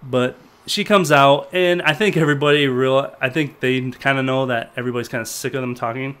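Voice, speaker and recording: A man talking casually as a co-host, retelling a show in a loose, rambling way. He hesitates often, with fillers and self-corrections, at an ordinary middle pitch. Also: steady tone, a little fast, a bit bright, smooth. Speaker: podcast co-host. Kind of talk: casual review chat.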